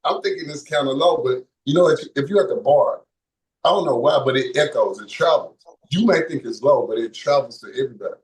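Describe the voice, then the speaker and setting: A man guest on a podcast, telling stories loudly and boisterously. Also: medium pitch, a little fast. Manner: loud, boisterous storyteller. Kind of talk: casual podcast storytelling. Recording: roomy sound, far from mic.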